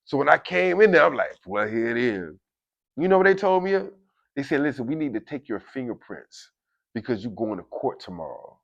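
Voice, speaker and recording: A man telling a story in a casual, animated way, often turning to his listeners and acting out the voices of others. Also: mid-range voice, moderate pace, vocal fry, lo-fi sound. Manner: animated, keeps addressing listeners directly; acts out quoted voices of guards and inmates. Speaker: storyteller recounting prison life. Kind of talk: casual spoken storytelling to camera.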